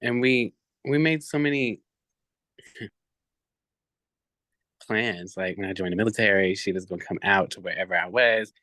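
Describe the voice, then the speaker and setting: A man guest on a podcast, telling a personal story in an animated way, with many fillers and lots of reported speech. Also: on the low side, normal speed, long pauses, no room sound.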